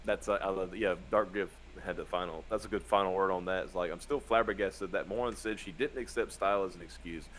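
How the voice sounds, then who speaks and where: A man's voice: sits low, fast, hardly any pauses, fairly bright tone, a little hiss or hum. A man co-hosting a casual live show, reading viewer comments aloud and laughing often between fillers. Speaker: podcast co-host.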